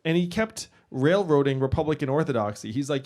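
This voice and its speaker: A man in his forties giving a casual, conversational campaign speech to a live audience, with quick asides and laughs. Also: on the high side, lively intonation, a little mellow. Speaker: political candidate speaking to a crowd. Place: event venue with a live audience.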